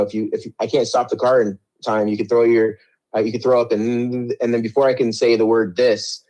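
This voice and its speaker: Middle-aged guy telling his story, low-pitched, rambly and defensive, lots of restarts. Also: darkish tone. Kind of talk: conversational interview storytelling.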